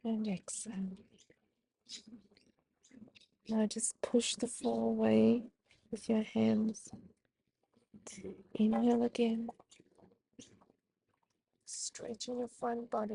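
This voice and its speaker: Calm Australian woman guiding breathwork. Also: fairly high pitch, vocal fry, a little hiss or hum. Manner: calm, slow, gently instructive. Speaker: mindfulness teacher. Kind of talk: guided movement and breathing instruction.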